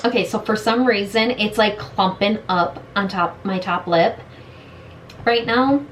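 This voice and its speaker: A woman's voice: mid-range voice, measured pace, a bit bright, a little hiss or hum, poor audio. A woman in her late thirties doing a casual makeup review at home in her bedroom, talking frustrated and blunt. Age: late 30s. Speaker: beauty vlogger.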